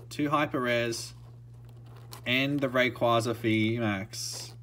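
A man's voice: medium pitch, steady tone, slow pace, a little hiss or hum. A man giving casual, murmured commentary as he opens trading card packs. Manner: murmured running commentary that bursts into shouting and laughter. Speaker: card-opening vlogger.

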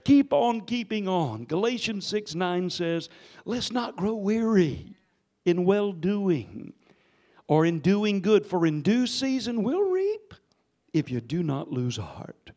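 In a church sanctuary, a pastor in his sixties preaches, telling a story that lurches from hushed to loud and calling on the congregation to answer. His voice is high, with big pitch swings, and he takes his time.

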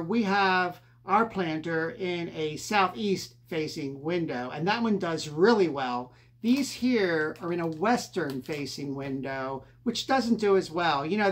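A woman with a lowish voice, talking through houseplant care as a co-host. She explains things step by step in an easygoing, unhurried way. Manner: explanatory, steady and a bit slow. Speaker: co-host of a gardening channel. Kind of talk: casual gardening tips.

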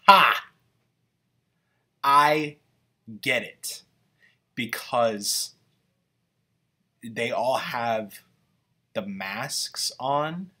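A man's voice: medium pitch, very slow, long pauses, pushed and bright, breathy edge. A man giving casual, rambling, opinionated commentary while reacting to a movie trailer.

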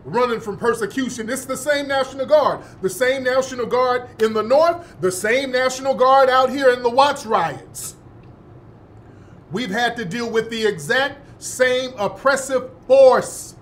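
A man's voice: very high voice, unhurried, fairly bright tone, slight background noise. A man hosting a show, giving heated, indignant commentary, cursing and repeating phrases for emphasis. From United States, born in the North, raised in the South. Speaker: host.

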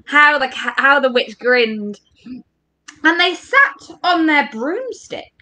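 A woman's voice: sits high, very animated, slow, sharp tone. A woman with an English accent leading an interactive storybook reading for children, coaxing them to join in. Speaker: education workshop leader. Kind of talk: interactive read-aloud for children. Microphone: home recording for online workshop.

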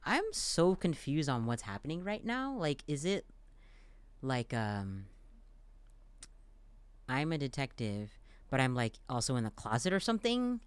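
A man playing a dialogue-heavy game, reading the lines aloud and reacting between them with quick, playful asides. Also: mid-range voice, big pitch swings, clear, resonant tone, no room sound. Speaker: let's play gamer.

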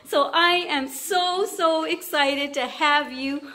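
A woman's voice: high voice, slow pace, bright, forceful tone. A woman vlogging at home on a handheld camera, chatting in a bubbly, cheering way and cooing to a baby. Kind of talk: casual vlog chat.

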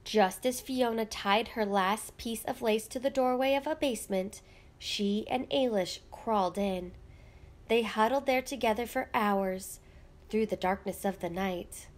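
A woman reading a children's picture book aloud with gentle, measured storytelling. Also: a little high. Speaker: read-aloud narrator.

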